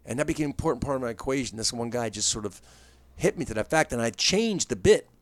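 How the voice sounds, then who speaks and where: A middle-aged man, a comedian and comedy writer, telling stories in a casual chat with quick bursts and restarts. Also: mid-range voice, animated, dry recording.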